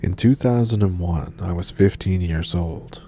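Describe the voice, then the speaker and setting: A man reading a scary first-person story aloud in a measured storytelling manner. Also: low voice, mellow, faint music behind. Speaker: narrator. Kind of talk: scripted horror story narration.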